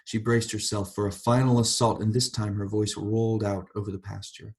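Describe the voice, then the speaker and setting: Low-voiced man lecturing on literature. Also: flat delivery, fairly quick, darkish tone. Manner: thoughtful, digressive explanation. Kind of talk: university lecture with read-aloud passages.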